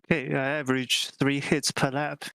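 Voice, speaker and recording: A man's voice: mid-range voice, flat delivery, normal speed, creaky, sharp tone, clear, resonant tone. A man racing with friends, chatting in a blunt, wry, casual way. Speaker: fellow sim racer. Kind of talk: casual chat while sim racing.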